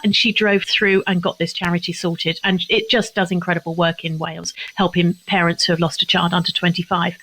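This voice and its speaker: A woman's voice: mid-range voice, a bit bright, low-quality recording. An older woman from England, a charity founder, answering interview questions in an earnest, heartfelt way, close to tears at times.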